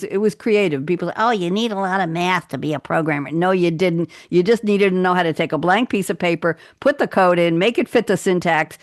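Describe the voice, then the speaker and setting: A woman's voice: low-pitched, darkish tone, no echo. An older woman at the helm of a talk show, rambling happily through her stories and teasing her guests. Her voice is close and dry, with no room sound around it. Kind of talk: casual roundtable chat.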